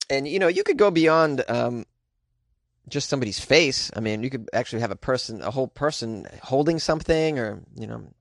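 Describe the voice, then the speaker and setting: A man's voice: medium pitch, lively intonation, a little fast, creaky, no echo, clean studio sound. A man hosting a comedy news podcast, chatting casually with slangy asides and frequent laughs.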